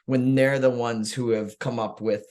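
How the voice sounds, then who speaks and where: A man co-hosting a talk show, speaking in a casual, measured and reflective way. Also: mid-range voice, steady tone, darkish tone. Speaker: podcast co-host. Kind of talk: casual chat.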